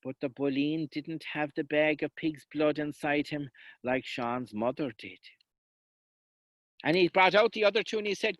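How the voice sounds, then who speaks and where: A man from South West Kerry with a Kerry Irish accent, telling a traditional folk tale as a seanchaí, voicing the characters with dramatic swings between loud and hushed delivery. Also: a little high, normal speed, rough recording. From South West Kerry, Ireland. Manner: lively, dramatic voicing of characters with sudden drops to hushed tones. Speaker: seanchaí storyteller. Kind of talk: traditional oral folk storytelling.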